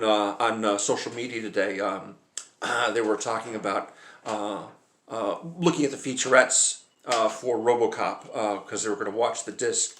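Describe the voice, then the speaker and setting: A man's voice: on the low side, a bit bright. A man chatting casually to camera about movies, rambling and hesitant with lots of filler sounds. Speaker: movie vlogger. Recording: roomy echoey room.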